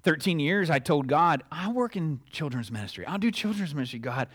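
A man's voice: fairly high pitch, sing-song, a little fast, husky. A middle-aged male pastor giving a conversational sermon, acting out little dialogues and chuckling at his own asides.

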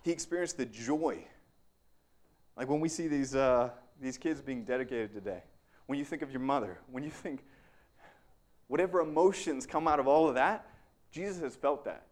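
A man's voice: medium pitch, normal speed, long pauses. A young adult man preaching a conversational sermon as a pastor, self-deprecating, with frequent "right?" asides to the congregation.

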